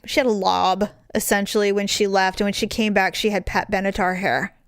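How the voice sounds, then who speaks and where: A woman in her forties co-hosting a podcast, telling family stories in a casual, animated way and acting out relatives' lines. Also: mid-range voice, a little fast, no echo. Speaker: podcast co-host. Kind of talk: casual chat.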